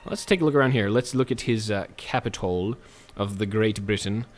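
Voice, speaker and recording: A man's voice: fairly low pitch, moderate pace. A man giving casual, chatty gameplay commentary as a let's play host, with jokes and self-mocking asides.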